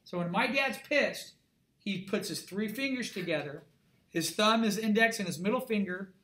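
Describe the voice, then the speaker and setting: A man's voice: sits high, normal speed, sharp tone. A middle-aged man, an art instructor, giving a classroom lecture in an emphatic, conversational way and checking in with his students often.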